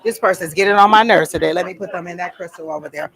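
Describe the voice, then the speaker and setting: A woman runs a workshop in a psychic fair's event room, speaking in a casual, blunt way and performing the voices of people she quotes. She talks quickly, her voice on the low side with a fairly bright tone.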